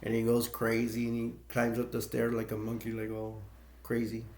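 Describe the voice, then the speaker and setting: A man's voice: medium pitch, completely flat delivery, moderate pace, darkish tone. A man casually retelling a film's plot as a movie reviewer, rambling and laughing between points. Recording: echoey room.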